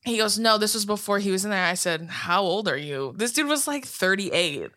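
A woman's voice: mid-range voice, animated, normal speed, sharp tone, dry recording, studio quality. A young woman co-hosting a podcast, telling a story in casual, profane chat and laughing often. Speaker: podcast co-host.

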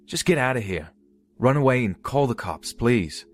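A man's voice: medium pitch, animated, moderate pace, voice pushed up, lightly acted. A man voicing a young Australian man who urges strangers to run, with a thick Australian accent. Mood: urgent. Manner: urgent, emphatic.

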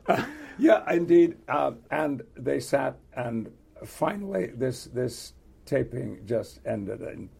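An older man with a British accent, chatting in an interview, halting with many restarts and frequent chuckles. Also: mid-range voice, expressive, gravelly, a little mellow, slightly rough. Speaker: actor being interviewed. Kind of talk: casual interview chat.

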